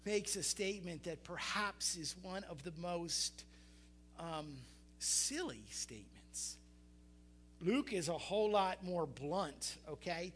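A man preaching a sermon, animated, putting questions to his listeners and acting out the quotes he reads. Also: high voice, a little hiss or hum. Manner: animated, talks to the congregation with questions and acted-out quotes. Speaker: pastor.

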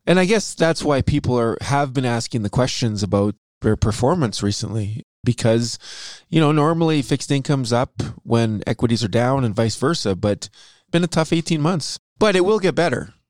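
A man's voice: mid-range voice, lively intonation, normal speed, darkish tone, no room sound, studio quality. A man co-hosting an investing podcast in a casual, upbeat, chatty way. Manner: upbeat, chatty, self-aware about his "radio voice". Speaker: podcast co-host, financial advisor. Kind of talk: casual chat.

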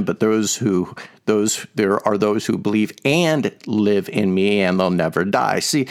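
In a lowish, creaky voice, a man co-hosts a Bible discussion podcast, teaching on scripture. He talks conversationally and emphatically, using lots of fillers and musical analogies.

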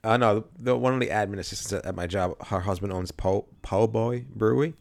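A man's voice: fairly low pitch, fairly quick, creaky. A man co-hosting a podcast in casual chat, joking and swearing a lot as he rambles through a story. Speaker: podcast co-host.

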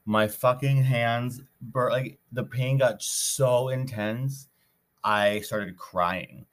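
A man's voice: mid-range voice, steady tone, very slow, fairly bright tone. A man hosting a podcast, telling a story in a rambling, casual way with many restarts. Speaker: podcast host.

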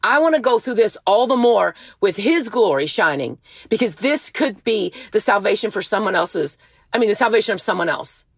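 A woman's voice: mid-range voice, lively intonation, normal speed, breathy edge, no echo. Earnest woman preaching with passion. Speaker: faith speaker. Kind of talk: passionate devotional talk.

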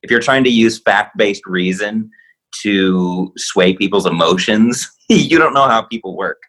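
A man's voice: fairly low pitch, a little slow, low-quality recording. A man hosting a podcast, chatting loosely about comedy clips with lots of fillers. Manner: relaxed, filler-heavy, chuckling. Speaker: podcast host. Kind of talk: casual chat.

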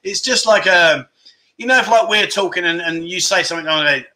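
A chatty middle-aged man hosting a relaxed livestream from home. His voice is bright and sits a little high, and he rambles, stops mid-sentence and chuckles at his own mix-ups. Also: brisk. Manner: chatty, self-interrupting, laughing at his own slips. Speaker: livestream host. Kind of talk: casual livestream chat.

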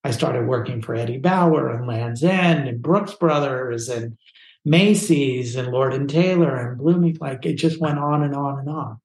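Man, podcast guest, storytelling, animated, acts out dialogue, roomy echo. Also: medium pitch, a little slow. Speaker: interview guest, photographer.

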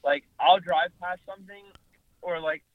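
A young man telling a story in a casual interview, animated and full of fillers, calling in over a breaking-up phone line. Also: a little high, measured pace. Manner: animated, filler-heavy, swearing. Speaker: car photographer guest. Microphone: phone call, breaking up. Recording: dry thin phone line.

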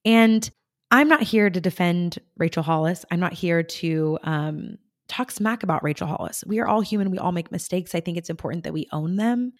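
A woman's voice: on the low side, moderate pace. A young woman hosting a podcast, telling personal stories in a casual, gushing way and acting out her own thoughts. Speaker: podcast host. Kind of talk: casual storytelling monologue.

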